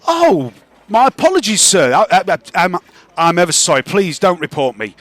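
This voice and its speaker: A man's voice: high-pitched, wildly swooping pitch, normal speed, a bit bright, no room sound, heavily acted. A man voicing a pompous, bigoted town guard who stammers and grovels with constant "sir"s. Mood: fawning. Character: pompous, bigoted male town guard, fawning when scared.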